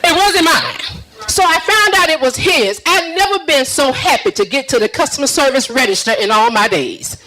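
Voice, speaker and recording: A woman doing a stand-up routine, sassy and teasing the crowd with drawn-out punchlines. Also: sits high, animated, over music, poor audio. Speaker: stand-up comedian.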